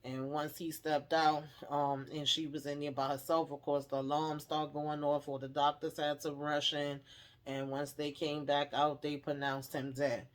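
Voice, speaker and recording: A woman's voice: deep voice, little pitch movement, moderate pace. A woman hosting a casual TV episode recap, chatty and emphatic, often tagging on "okay?" and "you know". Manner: laughs while retelling. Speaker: TV recap host.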